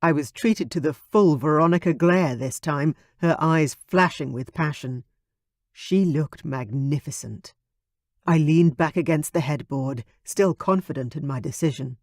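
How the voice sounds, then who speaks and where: A man narrating an audiobook in a measured, even way. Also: a little high, no echo, clean studio sound. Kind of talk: scripted narration.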